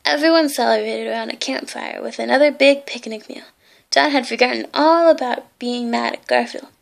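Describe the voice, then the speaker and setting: A woman reads a bedtime story aloud, gently and with small asides. Her voice sits high and has a noticeable gravelly fry. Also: normal speed. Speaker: reader.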